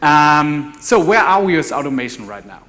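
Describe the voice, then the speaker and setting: A man in his forties from Germany with a German accent, giving a live conference talk as a developer evangelist, talking in a halting way with many restarts and repeated words. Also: fairly high pitch, very animated, fairly bright tone. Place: conference ballroom.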